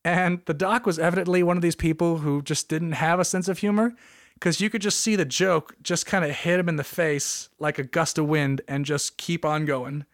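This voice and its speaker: Solo podcast host, man, jokey rambler, higher voice, dry close mic. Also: normal speed, dry recording. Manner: rambling, jokey, animated, with frequent asides. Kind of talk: comedic solo podcast monologue.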